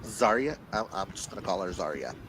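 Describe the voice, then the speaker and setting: A man's voice: mid-range voice, lively intonation, a little fast, a bit bright, slight background noise, poor audio. A man hosting a book club show, chatting casually and reading a synopsis aloud while playfully tripping over unfamiliar names.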